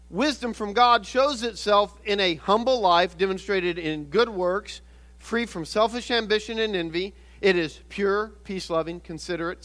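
A male pastor delivers a sermon in a noticeably high-pitched voice. He explains scripture earnestly, often stopping to restate and correct himself as he works through an idea. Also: fairly bright tone.

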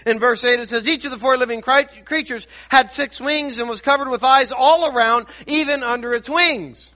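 An older man preaching a sermon, grandfatherly and dynamic, dropping to hushed tones and rising to shouted emphasis. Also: extremely high pitch, normal speed. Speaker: pastor.

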